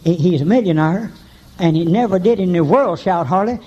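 Older man preaching, folksy storyteller, raised-pitch voice, high shouting bursts, dull lo-fi church recording. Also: a little fast, slightly rough. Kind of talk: revival sermon. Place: church meeting.

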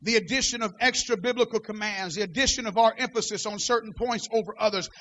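A pastor preaching to his church in a strikingly high voice. He swings between shouted declarations and quiet asides, and he reads scripture aloud in formal, old-fashioned wording. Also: fast, hardly any pauses. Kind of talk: sermon.

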